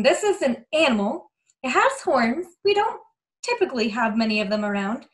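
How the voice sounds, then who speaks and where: A woman librarian reading a picture book aloud to young children in an animated, sing-song way, coaxing them to join in. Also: fairly high pitch, normal speed. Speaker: children's librarian hosting story time.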